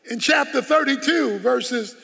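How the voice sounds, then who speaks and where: A man's voice: extremely high pitch, a little slow, creaky, pushed and bright, slightly rough. A man preaching a sermon as pastor, emphatic and full of rhetorical questions. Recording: long hall reverb.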